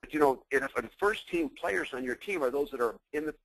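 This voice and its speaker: A man's voice: mid-range voice, lively intonation, quick pace, few pauses, fairly bright tone, husky, no echo, poor audio. A man leading a motivational business training call, intense and emphatic, firing rhetorical questions at his listeners. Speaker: business coach.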